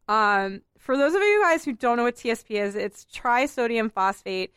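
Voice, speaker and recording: Animated woman podcast host, smooth voice. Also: fairly high pitch, unhurried, dry recording, clean studio sound. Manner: laughing, excitable, self-mocking. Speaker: podcast co-host answering listener questions. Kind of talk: casual chat.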